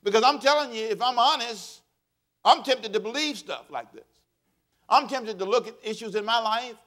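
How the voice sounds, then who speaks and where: Male pastor, animated sermon delivery with call-and-response, bright high voice. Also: normal speed. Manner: animated preaching with call-and-response and acted-out quotes.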